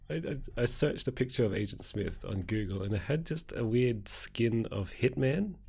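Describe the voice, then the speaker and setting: A man's voice: mid-range voice, creaky, a little mellow, slightly rough. A male streamer chatting casually in a rambling, amused, sarcastic way. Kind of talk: casual chat while streaming.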